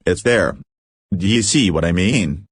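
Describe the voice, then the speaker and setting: A man's voice: low-pitched, unhurried, slightly rough, no room sound, clean studio sound. A man voicing a bleeding prisoner gasping out warnings. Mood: urgent, pained. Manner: gasping, urgent, broken phrases. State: injured, breathing heavily. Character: wounded male prisoner posing as a clergyman.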